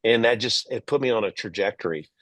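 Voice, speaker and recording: A middle-aged man from Texas telling stories as a guest in an interview, lively, acting out the voices of people he quotes. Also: on the low side, quick pace, no room sound. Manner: animated storyteller, acts out quoted voices. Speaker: guest, entrepreneur and author. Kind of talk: storytelling interview.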